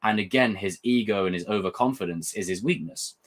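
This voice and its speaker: A young man hosting a casual livestream review, talking in an excitable, rambling way and swearing freely. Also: lowish voice, a little fast. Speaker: host.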